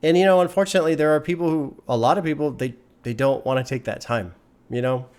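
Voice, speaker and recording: A man's voice: fairly high pitch, quick pace, a little mellow, smooth. A man who runs a music reaction channel, talking casually to his viewers in an earnest, rambling way and repeating phrases for emphasis. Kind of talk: casual talk to camera.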